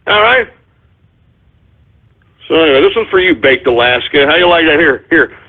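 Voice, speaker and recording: Male talk-radio host, sarcastic agitated ranter, husky voice, phone-quality audio. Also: a little high, lively intonation, moderate pace. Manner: agitated, sarcastic, swearing rants. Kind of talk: ranting talk radio monologue.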